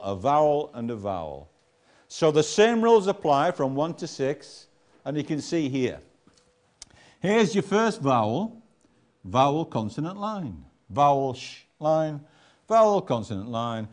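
A man teaching a phonics lesson, sounding out nonsense syllables one by one and calling on the class to answer. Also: fairly high pitch. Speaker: reading teacher.

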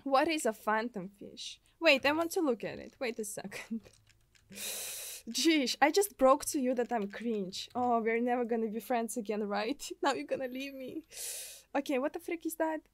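A young woman from Russia with a Russian accent, chatting with viewers in an excitable, giggly way while streaming a game from a desk mic. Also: on the high side, moderate pace, no echo. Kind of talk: casual gameplay livestream.

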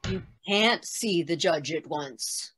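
A woman's voice: sits low, expressive, slow, a bit bright, husky, full character voice. A woman playing a cheeky boy clerk who answers offhandedly. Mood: offhand.

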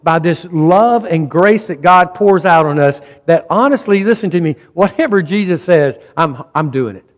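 A man's voice: high voice, expressive, moderate pace, few pauses, in a large hall. A man preaching a sermon as pastor, speaking emphatically and often urging the congregation directly. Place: church sanctuary.

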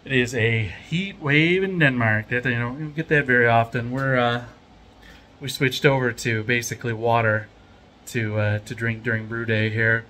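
Brief: male homebrew vlogger, casual rambling chat, mid pitch, faint fan hum behind. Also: steady tone, normal speed, pushed and bright. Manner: rambling, playful, thinks aloud with many fillers. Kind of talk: casual brew-day vlog. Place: home brewery in Denmark during a heat wave.

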